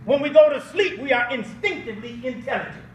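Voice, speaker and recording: A man's voice: very high voice, lively intonation, fast talker, a little hiss or hum. An older man giving an emphatic Islamic talk as a guest speaker at a banquet, firing rhetorical questions for the audience to answer. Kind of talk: Islamic preaching at an awards banquet. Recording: echoey hall audio from a distant mic.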